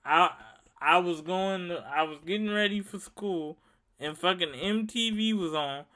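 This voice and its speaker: Young male host, bright crisp voice, profane rambling monologue. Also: sits high, measured pace. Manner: profane, rambling, animated storytelling. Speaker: podcast host. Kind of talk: casual monologue.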